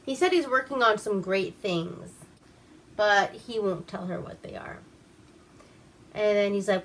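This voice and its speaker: A woman's voice: medium pitch, measured pace, pauses often, a bit bright, slight background noise. A woman recapping an old movie in a casual, profane, rambling way, laughing as she goes. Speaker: movie reviewer.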